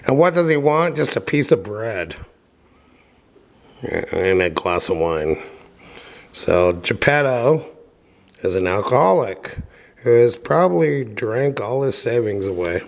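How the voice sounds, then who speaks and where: A man casually reading a children's book aloud and adding offhand, wry comments, with filler pauses. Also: fairly low pitch, gravelly. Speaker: reader and commentator.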